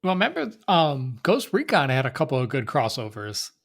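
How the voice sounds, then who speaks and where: A man's voice: mid-range voice, huge pitch swings, brisk, gravelly. A man co-hosting a podcast in casual chat, easygoing and laughing often. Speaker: podcast co-host.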